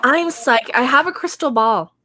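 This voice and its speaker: A woman co-hosting casual comedic banter, teasing with quick retorts and frequent laughs. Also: sits high, sharp tone, soft background music. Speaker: co-host.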